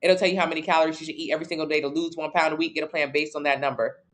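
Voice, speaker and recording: A woman's voice: sits low, fairly even intonation, rapid-fire. A blunt woman coach talking straight to her viewers on a live stream. She leans on repetition to hammer points home, loose and slangy, close to the mic. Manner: blunt, emphatic, repeats key points; casual slang-heavy talk. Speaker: fitness coach.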